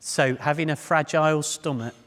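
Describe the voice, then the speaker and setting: Man, public speaker, animated self-deprecating storyteller, long hall reverb. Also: medium pitch. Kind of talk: humorous storytelling talk. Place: large hall before a live audience.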